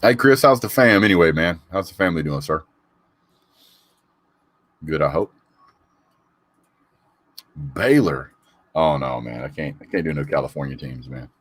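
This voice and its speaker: Rumbling low and expressive, his voice is a bit bright, moving at normal speed with long pauses over a dry recording. He's hosting a relaxed live sports call-in, reading comments aloud, welcoming viewers by name, and talking in an opinionated, conversational style.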